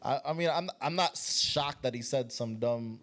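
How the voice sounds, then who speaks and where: A man's voice: mid-range voice, moderate pace, fairly bright tone. A man co-hosting a podcast, chatting casually and with strong opinions, often laughing. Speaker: podcast co-host. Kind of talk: casual chat.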